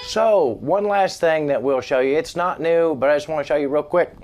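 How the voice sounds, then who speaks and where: Speaking at an ordinary pace in a fairly high voice, this man jokes his way through a laid-back guitar amp review video. Guitar playing sits behind his voice, and he drops wisecracking asides between demos.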